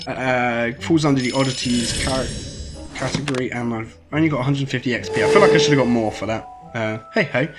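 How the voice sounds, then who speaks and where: A man giving casual, rambling commentary on a mobile game, with lots of ums and sudden excited outbursts. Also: medium pitch, fairly quick, music in the background.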